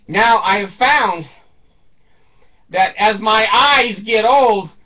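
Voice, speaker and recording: Speaking extremely slowly in a high voice, a man in his seventies tells rambling comic stories, laughing often and cursing casually. The lo-fi recording is dull, and he's heard from a distance.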